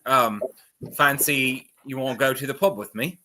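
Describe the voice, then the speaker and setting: A man voicing a huge, muscular male warrior with a loud, halting, put-on Scottish accent as he flirts and boasts. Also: medium pitch, a little hiss or hum, voice pushed up. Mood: flirtatious. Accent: attempted Scottish.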